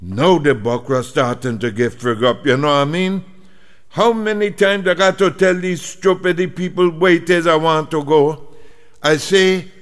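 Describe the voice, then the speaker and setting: A man tells a comic tale, animated and exclaiming. His voice sits fairly high and sounds smooth and resonant. A long hall reverb trails every line. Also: moderate pace. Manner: animated and indignant, exclaims a lot. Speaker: comic storyteller. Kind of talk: comic monologue in creole dialect.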